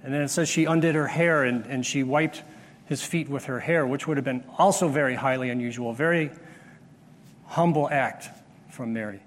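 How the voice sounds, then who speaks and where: A man's voice: medium pitch, moderate pace, slight background noise. Man preaching in a reverberant hall. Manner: explanatory, rises sharply when acting out the disciples' scolding. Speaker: pastor. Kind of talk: sermon.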